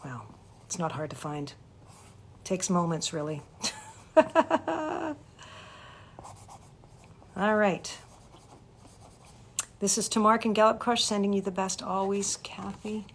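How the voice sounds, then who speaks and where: A woman from Canada, a voice actor and coach, chatting casually with fans on a livestream and thanking viewers by name. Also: slightly rough. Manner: animated, jumps up in pitch for emphasis.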